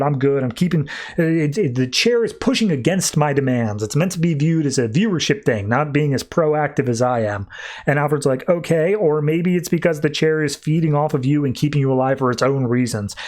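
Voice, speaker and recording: A young man hosting a comics podcast, recapping a story in casual chat and briefly acting out the characters' lines as he goes. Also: a little high. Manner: animated, voices characters in quick asides. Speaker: podcast host reviewing comics.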